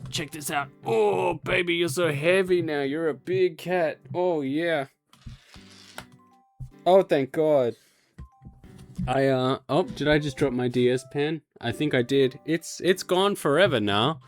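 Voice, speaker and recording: A man chats through a home game stream in a slow, unhurried way, his voice sitting a little high. He rambles, teases himself and coos at his cat between remarks. Soft music plays faintly behind him. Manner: rambling and self-mocking. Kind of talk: casual game stream chat. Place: home room.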